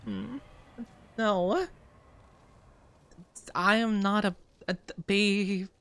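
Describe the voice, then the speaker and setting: Slow, playfully defensive young male streamer. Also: high-pitched, steady tone, creaky, a bit bright, clean tone. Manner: playfully defensive, teasing denials to chat. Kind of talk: casual gameplay stream, chatting with viewers.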